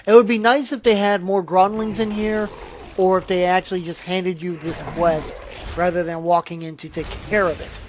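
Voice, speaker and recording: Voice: mid-range voice, fairly even intonation, moderate pace, slight background noise. A tired, yawning channel host giving casual gameplay commentary at home, rambling with frequent restarts and trailing asides.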